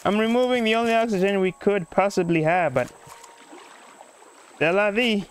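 A man commentating a survival game, talking in a jokey put-on Irish lilt, excitable and swearing as he yells at the game. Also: high-pitched, normal speed, background noise. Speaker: gaming YouTuber. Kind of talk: let's play commentary.

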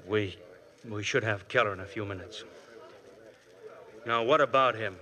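A man's voice: lowish voice, bright, forceful tone. An actor playing a firm, commanding male police inspector in 1940s radio acting style. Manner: brisk, commanding.

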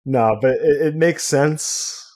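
A man's voice: a little high, takes it slowly, darkish tone. A man co-hosting a podcast who chimes in with short agreeing replies and laughs along. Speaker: podcast co-host. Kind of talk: casual film discussion.

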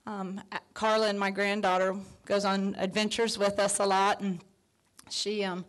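A woman in her fifties accepts an award, her mid-range voice warm with feeling as she fights back tears. She thanks everyone with soft laughs and plenty of "um"s, sincere and unpolished. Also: mid-range voice, little pitch movement, measured pace. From Texas. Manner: heartfelt, tearful, with soft laughs and fillers. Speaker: award honoree. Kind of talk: emotional acceptance speech.

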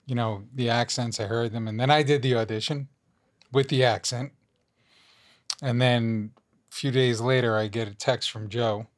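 A man's voice: medium pitch, moderate pace. A man with a mid-range voice tells an anecdote as a guest on an interview podcast. His delivery is easygoing and conversational, like he's recounting it to friends. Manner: relaxed storyteller. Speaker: guest actor. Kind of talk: casual anecdote telling.

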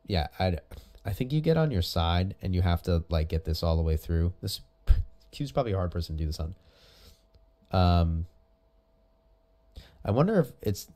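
Male jiu-jitsu coach, very low voice, chatty and encouraging commentary. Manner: animated, coaching, chatty asides. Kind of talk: casual video commentary.

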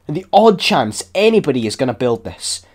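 A young man giving sweary, excitable and sarcastic commentary while building in a video game. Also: mid-range voice, brisk. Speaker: gaming YouTuber. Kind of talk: casual gameplay commentary.

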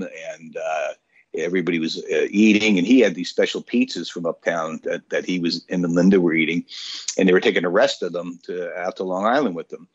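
A man's voice: low voice, no echo, lo-fi sound. A man in his sixties, a radio show guest, telling an anecdote in a casual way with lots of fillers. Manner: animated storyteller with frequent fillers. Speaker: guest, author.

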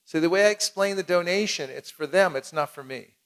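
Man, seminar teacher, casual and demonstrative, slightly higher voice. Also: fairly quick, fairly bright tone, clear, resonant tone. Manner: casual, demonstrative, plain-spoken.

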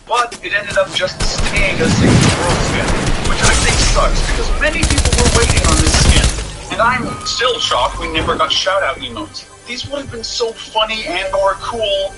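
A man narrates a gaming video from a script, his voice sitting high and leaping up and down constantly. He sounds chatty and opinionated. Loud music plays behind him the whole time. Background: loud background music.

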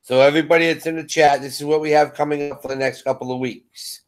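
A man's voice: fairly high pitch, fairly even intonation, quick pace. A man co-hosting a casual live stream, laid-back and laughing along while announcing the schedule. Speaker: co-host.

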